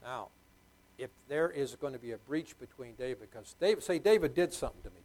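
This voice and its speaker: A man's voice: medium pitch, expressive, fairly quick, a little mellow, poor audio. A middle-aged man preaching a sermon, emphatic and repetitive, putting questions to the congregation. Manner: emphatic, repeats key words, quizzes the congregation. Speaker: pastor.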